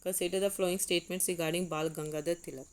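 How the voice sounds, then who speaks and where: A woman's voice: lowish voice, fairly even intonation, rapid-fire, clean tone, low-quality recording. A woman with an Indian English accent gives an exam-prep lecture, reading quiz statements aloud and explaining them, with Hindi asides mixed in and frequent restarts on words. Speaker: teacher.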